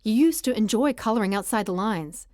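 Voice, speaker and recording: A self-justifying ex-boyfriend in an audiobook, all coaxing reason, voiced by a woman who drops her voice low for him. He speaks close to the mic in a dry, unechoing space. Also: lively intonation, brisk, a little mellow, dry recording, natural voice. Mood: reproachful. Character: smooth-talking young man, cheating ex-boyfriend.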